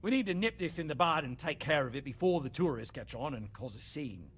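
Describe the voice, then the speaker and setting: A man's voice: a little high, expressive, brisk, a bit bright, breathy edge. An actor playing an upbeat resort executive with an Australian accent, talking like a salesman in video game dialogue. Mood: salesy. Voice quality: chatty, salesman-like with chuckles.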